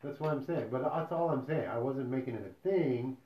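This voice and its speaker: A man's voice: medium pitch, fairly quick, a loud crowd. A man co-hosting a podcast, bantering in casual, teasing, profane chat. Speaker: podcast co-host. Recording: roomy, dull lo-fi sound.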